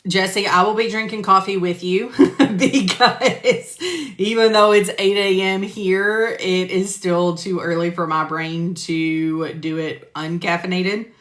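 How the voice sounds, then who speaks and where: Speaking slowly in a lowish, steady, fairly bright voice, a woman runs a casual live stream teaching medical coding. She answers viewers by name with lots of fillers, and her phone or computer mic sounds echoey and roomy.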